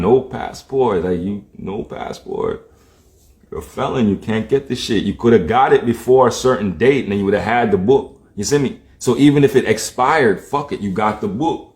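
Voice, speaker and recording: A man giving a blunt, profane, slang-heavy casual rant, often repeating himself. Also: lowish voice. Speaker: streamer. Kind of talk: casual ranting monologue. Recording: roomy echo.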